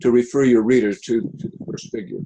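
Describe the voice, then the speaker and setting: A man teaching on a video call, giving feedback in a halting way with many fillers and restarts. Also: medium pitch, steady tone, mellow, breathy edge, poor audio. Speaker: instructor. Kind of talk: online class feedback session.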